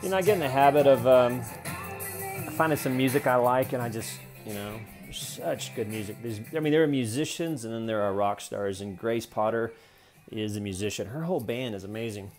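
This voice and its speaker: A man's voice: mid-range voice, brisk, music in the background. A man in his forties giving a loose, joking video lesson on day trading, with profane asides. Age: 40s.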